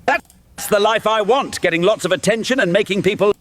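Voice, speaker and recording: A man's voice: high voice, brisk, a bit bright. An AI-generated man's voice playing an attention-hungry male gorilla comedian, with a British accent and a playful, boastful delivery. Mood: eager.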